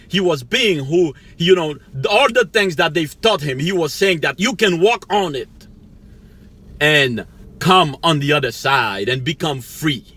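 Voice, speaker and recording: Bright-voiced man preaching self-help. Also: a little high, slightly rough. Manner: preachy, rambling, laughs to himself, acts out quotes. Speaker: life coach, channel host. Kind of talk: motivational monologue.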